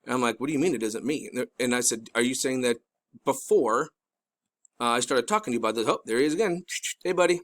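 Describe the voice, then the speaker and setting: A middle-aged man talks over a video in an urgent, pleading way, stopping and restarting his thoughts. He jumps into excited bursts, then drops low to beg his listeners to look closer. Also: fast talker. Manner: rambling with restarts. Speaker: video host. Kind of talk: casual narrated commentary.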